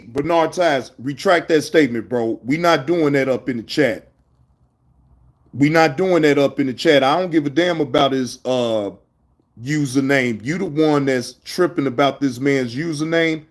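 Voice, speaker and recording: Animated livestream host man, higher voice. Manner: animated, scolding chat viewers, laid-back slang. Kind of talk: casual livestream chat.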